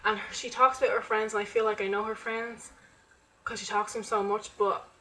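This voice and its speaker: A woman's voice: medium pitch, level tone, a little fast, bright, forceful tone, slight background noise, rough recording. Chatty young woman vlogging. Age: young adult. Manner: chatty, rambling, full of "like" fillers. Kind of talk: casual chat to camera. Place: at home.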